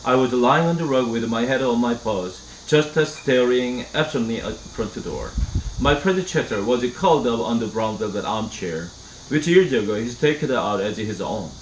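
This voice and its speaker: A man from Korea, an English teacher reading a novel aloud in a steady storybook style for shadowing practice. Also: medium pitch, moderate pace. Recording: echoey room, faint hiss.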